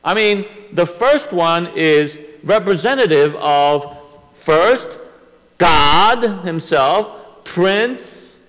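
A man teaching a Bible lesson, explaining slowly and step by step, often restarting his sentences. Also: high-pitched, animated, a bit bright, big-room sound, rough recording.

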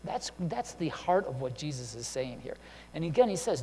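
A man's voice: fairly high pitch, very animated, moderate pace, warm tone. A man preaching a sermon in a conversational way, often checking in with listeners and restarting his sentences. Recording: long hall reverb with faint hum.

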